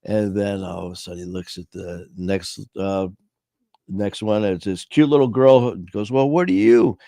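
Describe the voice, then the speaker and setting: A man's voice: low-pitched, fairly even intonation, normal speed, mellow, no echo, studio quality. A man hosting a casual livestream chat. He rambles with lots of fillers and tells corny jokes. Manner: rambling, joking, many fillers. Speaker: livestream host.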